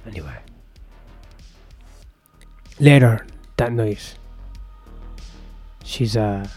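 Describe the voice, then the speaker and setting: A man's voice: on the low side, lively intonation, drawn-out words, a little mellow, soft background music. Rambling profane male storyteller. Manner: rambling, profane, self-interrupting asides. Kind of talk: improvised story narration.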